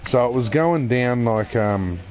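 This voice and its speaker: A man's voice: medium pitch, lively intonation, measured pace, a little mellow, soft background music. An Australian man co-hosting a casual podcast chat, jokey and laid-back, swearing freely. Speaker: podcast co-host.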